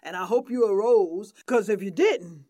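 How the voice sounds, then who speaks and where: A woman's voice: medium pitch, normal speed, warm tone, no echo. A woman hosting a gospel radio show from the studio, with a playful, teasing, laughing manner. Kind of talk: casual radio banter.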